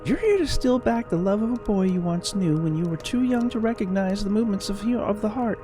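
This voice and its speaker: A man's voice: high voice, lively intonation, fairly quick, mellow, soft background music, voice pushed up. A man voicing a wistful middle-aged woman, a former romance novelist, in a dreamy, rambling, self-mocking way. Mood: dramatic.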